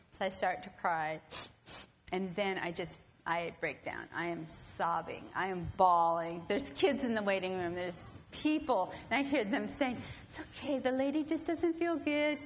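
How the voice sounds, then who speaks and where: A woman telling a personal story to an audience, animated and acting out other people's voices. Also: lowish voice, slight background noise. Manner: animated, acts out quoted voices. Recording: long hall reverb, faint ambience.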